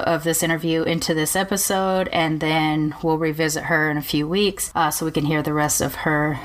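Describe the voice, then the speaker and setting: A woman's voice: sits low, fairly bright tone. A woman hosting a podcast, talking casually and enthusiastically in a rambling, chatty way with plenty of fillers. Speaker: podcast host. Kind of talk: casual solo podcast intro.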